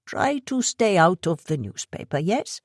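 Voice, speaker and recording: A brisk, worried middle-aged shop owner, as a woman narrator puts him on, talking in quick clipped bursts with a heavy accent. The voice sits low and level in an audiobook read, recorded close and dry with no room sound. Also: very animated, dry recording. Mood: brisk concern. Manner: heavy accent, stilted phrasing. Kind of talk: audiobook character voice.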